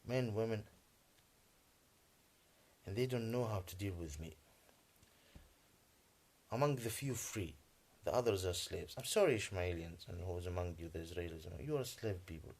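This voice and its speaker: A native Arabic-speaking man delivering a rambling, agitated monologue in English, halting often and clearing his throat. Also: deep voice, lively intonation, a little mellow. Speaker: vlogger.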